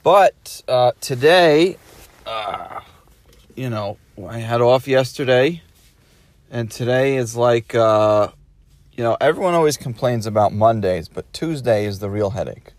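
A man's voice: mid-range voice, animated, measured pace, no echo. Rambling man talking in his car. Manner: rambling, wry, many fillers. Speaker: podcast host. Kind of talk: casual solo chat. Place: in a parked car. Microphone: phone.

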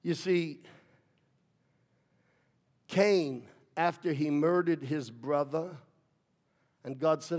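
A man preaching a sermon as pastor, with playful asides, building from quiet talk to shouted preaching. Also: a little high, slow pace, pauses often, breathy edge.

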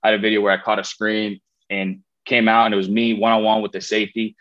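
A man's voice: on the low side, little pitch movement, quick pace, a bit bright, no room sound, lo-fi sound. Laid-back man telling a story. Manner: rambling, frequent fillers and restarts. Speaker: guest, former college football player. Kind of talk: casual interview storytelling.

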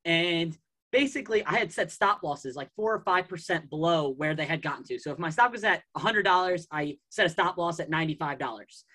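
A man's voice: high-pitched, bright, forceful tone, breathy edge. A man as a podcast guest in casual chat, telling a long story in a rambling way, full of fillers and restarts.

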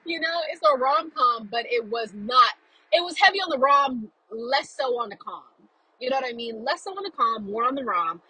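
Woman vlogger, talks in her car while driving, bright tense tone, breathy husky texture, chatty and animated. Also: a little high, normal speed, poor audio. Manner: chatty and animated, with many "like"s and quoted reactions. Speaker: vlogger reviewing a film. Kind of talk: casual chatty review.

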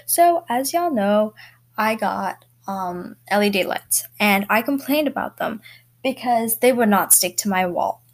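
Teen girl podcast host, slightly high voice, loose rambling chat with fillers, home mic. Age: teens. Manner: rambling, chatty, lots of fillers and laughs. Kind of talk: casual solo podcast chat. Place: bedroom at home.

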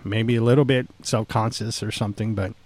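A man's voice: fairly low pitch, fairly even intonation, fairly quick, a little mellow, no echo. Man, podcast co-host, casual chat, rambling, laughs a lot, dry mic. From San Antonio, Texas. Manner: laid-back, rambling, laughs often.

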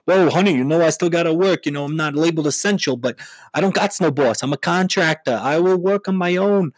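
A man's voice: on the high side, a little fast, dry recording, voice pushed up, close to an everyday voice, poor audio. A middle-aged contractor husband whines and pleads in a raised, nasal-edged voice, as a man puts him on. His grammar slips as he begs, and the sound is dry. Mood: pleading. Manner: whiny, pleading, mangled grammar.

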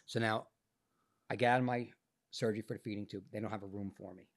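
A man, an actor guest on a podcast, telling a story in a profane, animated way, his voice changed by illness. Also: fairly low pitch, quick pace, vocal fry. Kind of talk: casual podcast interview storytelling.

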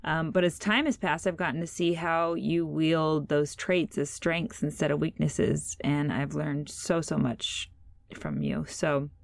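A low-pitched woman in her thirties hosts a casual podcast chat. She tells her story loosely, with plenty of fillers and restarts. The sound is dry and close. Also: unhurried, creaky, no echo. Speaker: podcast host.

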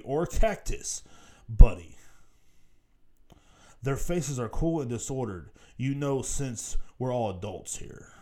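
A man in his thirties rants alone on his podcast, swearing freely and laughing at his own jokes. His voice is very dark and mellow, and it swings widely in pitch as he rambles. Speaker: podcast host. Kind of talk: casual solo rant.

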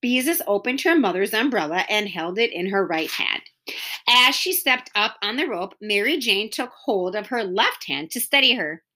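A woman reading a children's book aloud with expressive storytelling. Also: mid-range voice, normal speed. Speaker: narrator.

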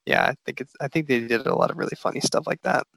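A man's voice: medium pitch, fast talker, creaky, dry recording, low-quality recording. Young man in a dry room. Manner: laughs easily, animated retelling. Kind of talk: casual movie discussion.

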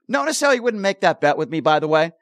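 A man's voice: on the high side, very animated, fast talker, no room sound, clean studio sound. A man hosting a call-in radio show, blunt and argumentative. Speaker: radio talk show host.

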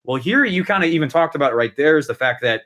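A man's voice: on the high side, expressive, quick pace, a bit bright. A man hosting an interview, asking rambling casual questions full of fillers. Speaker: interviewer host.

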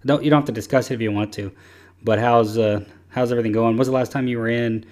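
A man's voice: mid-range voice, fairly even intonation, quick pace, darkish tone. A man hosting a casual podcast chat, rambling and easygoing with lots of fillers. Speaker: podcast host.

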